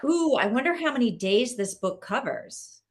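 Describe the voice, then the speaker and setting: A woman with a higher voice that swoops up and down chats on a book club livestream over a video call. She reacts quickly and keeps the talk light. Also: sing-song, a little hiss or hum. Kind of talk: casual chat on a livestream.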